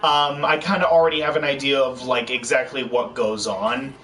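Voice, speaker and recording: A man's voice: mid-range voice, little pitch movement, normal speed. A young man co-hosting a gaming video in casual chat, rambling with many restarts and fillers. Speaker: co-host of a gaming channel. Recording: distant mic with faint noise.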